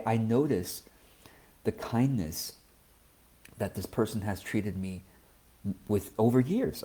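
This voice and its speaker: Man, very low voice, mellow tone, gentle reflective spiritual talk. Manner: gentle, thoughtful, often checks in with "right?". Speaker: spiritual teacher.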